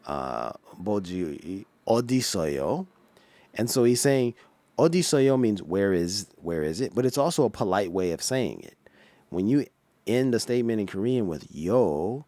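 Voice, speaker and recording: A man with a low voice talks through a clip, his pitch swinging in a lively way. He explains slowly, pausing on fillers and restarts. The sound is dry and close. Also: no echo. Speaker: reaction vlogger. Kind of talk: explaining commentary.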